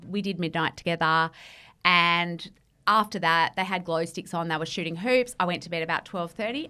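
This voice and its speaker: A middle-aged Australian woman, a parenting expert guest, telling a lively story in a studio chat and acting out the dialogue. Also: fairly low pitch, moderate pace, smooth. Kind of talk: animated anecdote in podcast chat. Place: podcast studio.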